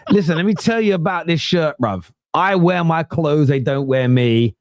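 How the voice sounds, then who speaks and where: A forty-something man hosts a casual football chat. His voice sits a little high and sounds close and dry, and he talks in a laid-back, bantering way. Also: lively intonation, unhurried, dry recording. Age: 40s. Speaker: podcast host.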